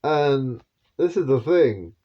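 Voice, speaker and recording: A man's voice: medium pitch, animated, takes it slowly, lo-fi sound. A man giving a rambling prophetic monologue as an online preacher, repeating himself and chuckling with half-sarcastic asides.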